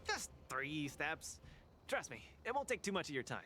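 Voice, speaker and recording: Cocky young hero guy, high bright voice swinging all over, game character, theatrical. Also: very animated, moderate pace, a crowd in the background. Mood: cheerful. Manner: theatrical, shouts out attack names and slogans. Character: brash young male champion, upbeat and showy.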